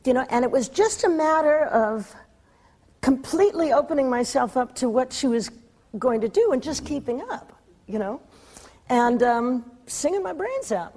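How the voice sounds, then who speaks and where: A woman being interviewed, telling a lively anecdote, often laughing and acting out the voices she quotes. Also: sits high, normal speed. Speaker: interview guest. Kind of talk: storytelling anecdote.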